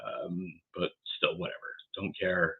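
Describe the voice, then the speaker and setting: A man's voice: low-pitched, flat delivery, a little slow, vocal fry. A man vlogging as he opens graded trading cards, worked up and swearing as he talks to himself. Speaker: card collector vlogger. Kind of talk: excited unboxing vlog. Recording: tinny phone-like sound.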